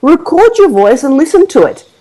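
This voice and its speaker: Mellow-voiced, chatty woman podcast host. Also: high-pitched, normal speed, rough recording. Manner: animated, rambling with fillers, laughs often. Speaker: podcast host, marketing coach. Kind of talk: casual chat.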